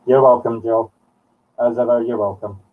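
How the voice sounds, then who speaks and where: A Scottish man working as a medium on a live broadcast, talking in halting short phrases as he thinks aloud. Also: mid-range voice, level tone, far from the mic. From Scotland. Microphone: streaming from home. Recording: muffled sound from off the mic.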